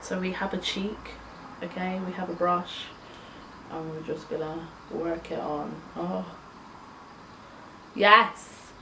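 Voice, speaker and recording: A woman's voice: on the low side, flat delivery, a little slow. Casual beauty vlogger, young woman, enthusiastic and chatty, recorded at a distance with faint hiss. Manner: gushing, chatty, swears casually. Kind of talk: casual makeup chat. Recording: echoey room, mic set back, faint hiss.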